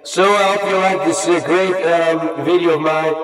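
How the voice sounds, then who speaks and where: A man from Afghanistan with a fairly high voice talks in a loose, rambling vlog style. He is an amateur rapper who gets excited and drops hype-man ad-libs between his sentences. He keeps up an eager energy throughout. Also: normal speed. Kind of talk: casual vlog, excited product demo.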